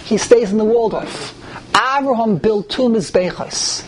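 A man teaching a Torah class to a group, animated, with rising emphasis and many Hebrew terms. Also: sits high, a little slow. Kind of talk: lively Torah class with questions.

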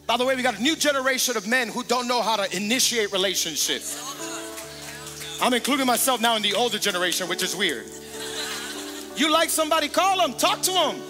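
A middle-aged man preaching a sermon as pastor, emphatic and energetic, calling out to the congregation. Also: very high-pitched, a little fast. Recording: long hall reverb with music underneath.

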